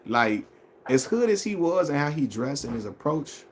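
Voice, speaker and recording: A man's voice: a little high, big pitch swings, moderate pace, slight background noise. A man hosting a casual live stream, chatting loosely about basketball and reading viewer comments. He talks in slang, repeats his phrases and laughs often. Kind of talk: casual sports chat.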